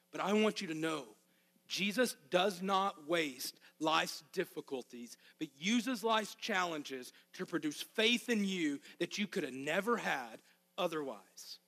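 High bright-voiced Arkansas preacher. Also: male voice. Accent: Arkansas Southern US. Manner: impassioned, emphatic repetition. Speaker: pastor. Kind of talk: sermon. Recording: long hall reverb.

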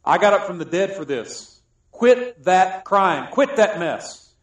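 A man putting on a loud Texan drawl as a gruff Southern man telling someone to quit crying, in an echoey room. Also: high-pitched, animated, slow pace, recorded from a distance, voice pushed up. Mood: scolding. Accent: Texan put-on. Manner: loud, folksy scolding.

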